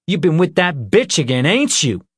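A man's voice: fairly high pitch, very animated, normal speed, husky, dry recording, clean studio sound, pitched above the performer's own voice. A male narrator voicing a furious heavyset woman who shrieks crude accusations at her man in an audiobook. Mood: furious shrieking.

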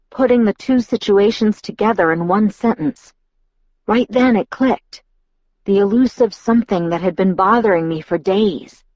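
A woman's voice: mid-range voice, a little mellow, no echo, highs cut off. A woman reading a novel aloud in the first person, reflective and inward. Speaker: audiobook narrator.

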